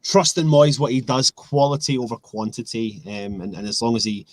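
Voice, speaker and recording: A man's voice: medium pitch, steady tone, normal speed, dry recording. A man co-hosting a live fan show, chatting casually and repeating words as he starts a point. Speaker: fan channel co-host.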